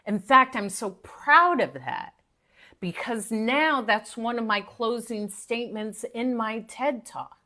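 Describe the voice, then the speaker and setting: Animated high-voiced woman, live-stream pep talk. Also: slow pace. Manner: animated, preachy and playful, talks to viewers directly. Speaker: motivational speaker and live-stream host.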